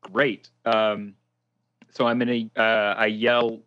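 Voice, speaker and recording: A man's voice: on the low side, little pitch movement, slow, a bit bright, smooth, muffled recording. A man playing in a tabletop role-play, hesitant and playful, with many fillers. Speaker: player.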